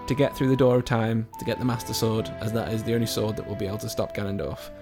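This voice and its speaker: A man's voice: on the low side, fairly even intonation, quick pace. Chill guy rambling about old games, music going behind him. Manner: laid-back storytelling, frequent swearing and laughs. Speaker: podcast co-host. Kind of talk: casual chat about video games.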